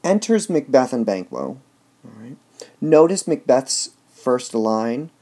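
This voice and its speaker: A man's voice: mid-range voice, very animated, slow, mellow. A man giving a casual lecture that reviews a play, explaining step by step and often saying "all right". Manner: explains step by step with filler words.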